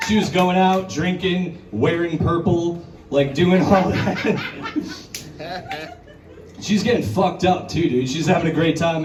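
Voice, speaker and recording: A male stand-up comedian doing a crude, conversational set at a brewery show, jumping into high, put-on voices to act out scenes. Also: background noise. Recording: roomy bar recording from a distance. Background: audience laughter and bar ambience.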